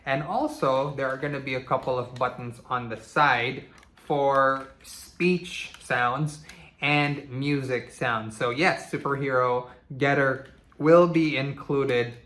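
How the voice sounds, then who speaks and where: A man talks through a toy review in a loose, chatty way, scattering casual asides as he goes. His voice is bright and forward, and it rings off the walls of an echoey room. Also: medium pitch. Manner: chatty, relaxed, many "you know" asides. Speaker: toy reviewer, channel host.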